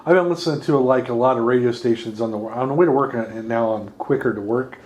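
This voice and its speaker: A man's voice: medium pitch, fast, darkish tone. Man in his thirties, casual rambling chat. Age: 30s. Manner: rambling, swears, laughs often. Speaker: podcast co-host.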